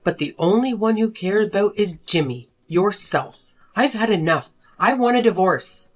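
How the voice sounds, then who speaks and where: A woman voicing a fed-up wife and mother confronting her husband, indignant and sharp. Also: mid-range voice, expressive, normal speed, natural voice. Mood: angry. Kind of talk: narrated drama story dialogue.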